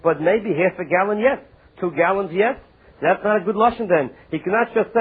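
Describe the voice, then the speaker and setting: High-voiced man teaching Talmud, tinny sound. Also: husky. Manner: reads Aramaic text slowly, then explains in English. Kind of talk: Talmud study lecture. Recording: tinny phone-like lo-fi recording.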